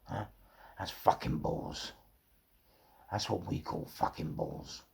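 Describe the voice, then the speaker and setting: A middle-aged man with a London accent telling rough stories casually, swearing heavily and repeating words for emphasis. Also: deep voice, flat delivery, slow pace. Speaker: storyteller. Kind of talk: casual storytelling.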